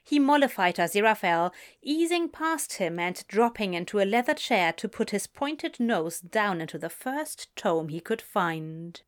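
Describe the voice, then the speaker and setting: Slow, lively woman storyteller. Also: medium pitch. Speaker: reader. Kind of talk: audiobook story narration.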